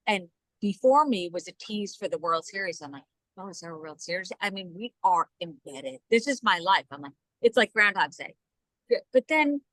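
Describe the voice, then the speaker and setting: A woman from New Jersey, a news journalist and podcast guest, telling stories in a casual chat and acting out the quotes with lively voices. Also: mid-range voice, no echo, low-quality recording. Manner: animated, acts out quoted dialogue in lively voices.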